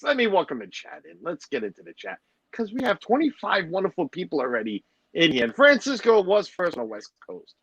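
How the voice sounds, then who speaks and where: A man's voice: sits high, huge pitch swings, fairly quick, a bit bright, slightly rough, no room sound, lo-fi sound. Middle-aged man chatting animatedly. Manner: rambling, joking, chatty. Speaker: livestream host. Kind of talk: casual chat with a live audience.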